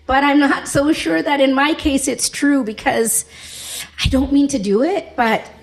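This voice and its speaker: A woman's voice: high voice, steady tone, measured pace, creaky. A middle-aged woman doing a stand-up comedy set, chuckling through her own punchlines.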